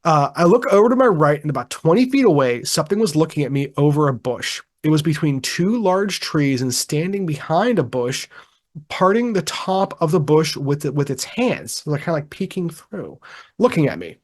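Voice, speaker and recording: A man co-hosting a podcast in casual chat, reading a witness account aloud in a relaxed, chuckling way with frequent ums and restarts. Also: on the high side, normal speed. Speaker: podcast co-host.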